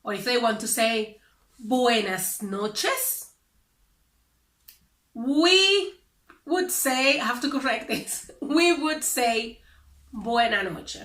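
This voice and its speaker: A Spanish teacher from the Dominican Republic, speaking English with a Dominican Spanish accent, explaining things deliberately and correcting common claims. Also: female voice, sits high, fairly bright tone. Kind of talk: explanatory lesson to camera. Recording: echoey room, mic at a distance.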